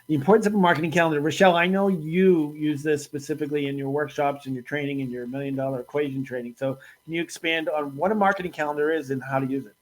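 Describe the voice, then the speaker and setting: A man with a Boston accent hosting a casual panel discussion in a relaxed, chatty way. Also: a little high, fast talker, few pauses, low-quality recording. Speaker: host.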